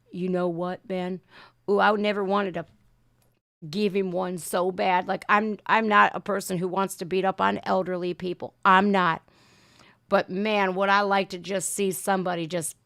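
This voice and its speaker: A woman's voice: medium pitch, vocal fry, fairly bright tone, no room sound, clean studio sound. A woman with a heated, profane, mocking manner, ranting as she reacts to a video. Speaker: reaction streamer.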